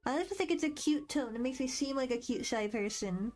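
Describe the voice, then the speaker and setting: A woman's voice: high-pitched, expressive, a little fast, a little mellow. A young woman streaming, chatting casually and rambling as she reads quiz questions aloud with a bubbly, self-deprecating manner. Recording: faint background music.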